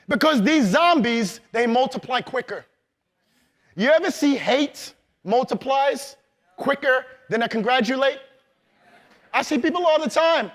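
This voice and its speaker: A man with a very high voice gives a live motivational training talk in a large event hall. He is loud and hyped, calls on the audience to shout back, and laughs between points. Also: lively intonation, moderate pace, long pauses. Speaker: motivational speaker.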